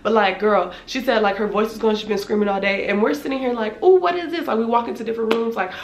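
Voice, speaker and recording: A woman in her twenties telling a casual storytime, animated and slangy, with lots of filler words and cursing. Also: medium pitch, fast, slight background noise. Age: 20s. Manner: animated, slangy, swears freely, many "like" fillers. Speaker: vlogger. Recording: echoey room.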